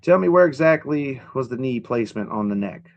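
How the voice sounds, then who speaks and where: Man, young adult, from the United States, live streamer, heated profane rant, argues with chat, mid-pitched voice. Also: expressive, fairly quick. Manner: profane, combative, answers chat directly.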